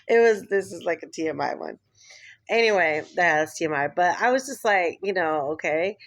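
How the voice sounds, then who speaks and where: A woman vlogger rambling casually, full of fillers and quick laughs. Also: on the low side, animated, dry recording. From Philippines heritage. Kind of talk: casual chat.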